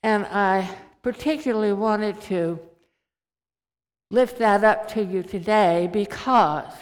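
A woman preacher tells stories gently and reads scripture slowly and deliberately. Her voice sits at a middle pitch. A long reverb from a large hall follows her words. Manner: gentle storytelling, slow scripture reading. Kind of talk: sermon with anecdotes.

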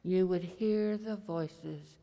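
A preacher speaking as a devout young peasant woman answers slowly and earnestly, sure of what she hears. The delivery stays unhurried over a gravelly fry. Long reverb hangs in the church hall around it. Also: medium pitch, warm tone.

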